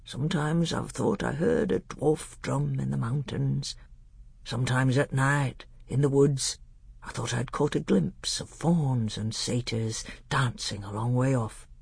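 A man voicing a wise, gentle old male tutor in a measured, earnest audiobook reading. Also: medium pitch, no echo, heavily acted. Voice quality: gravelly, husky. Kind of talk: audiobook character voice.

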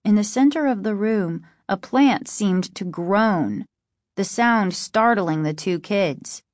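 Reading a spooky storybook aloud, a woman audiobook narrator uses a mid-range voice in a steady, measured storytelling style. It's scripted narration captured at studio quality without echo.

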